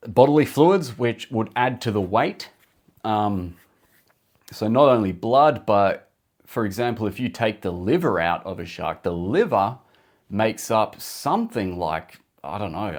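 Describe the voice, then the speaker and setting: A man hosting a podcast, talking casually through facts with jokey asides. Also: lowish voice. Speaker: podcast host. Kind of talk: casual solo podcast talk.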